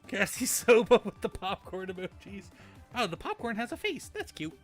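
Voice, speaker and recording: A man's voice: sits high, very animated, normal speed, faint music behind. A man hosting a live gaming stream, cheering on his teammates and reading out the chat, repeating words when he gets flustered. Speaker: streamer host.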